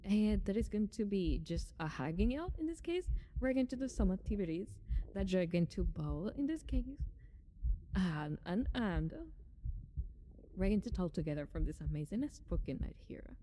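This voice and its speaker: Slow, mellow-voiced streamer girl. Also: medium pitch, slight background noise. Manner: giggly, greets chat viewers. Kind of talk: casual live-stream chat.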